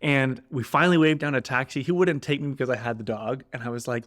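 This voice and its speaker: Canadian guy cohosting a podcast, telling a hectic trip story, gets loud and animated, does the voices. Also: mid-range voice, fast talker, hardly any pauses. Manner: animated retelling with acted-out quotes and swearing. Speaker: podcast co-host. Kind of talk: casual storytelling chat.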